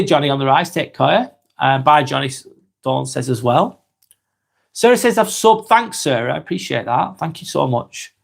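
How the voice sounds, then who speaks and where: A gravelly, medium-pitched man in his forties from England, with an East Lancashire accent, hosts a live stream. He reads out viewer comments slowly and haltingly, with many ums.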